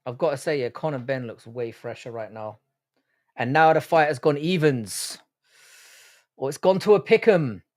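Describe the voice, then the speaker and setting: A man's voice: mid-range voice, moderate pace, darkish tone. An Irish man hosting a live fight watch-along stream, reacting casually and profanely and reading out chat messages. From Ireland. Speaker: livestream host.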